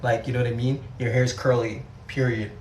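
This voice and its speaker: A man's voice: medium pitch, little pitch movement, brisk, darkish tone. A young Canadian man with a Canadian accent, chatting casually during a hair tutorial livestream. He is laid-back and slangy and repeats his words. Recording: echoey room.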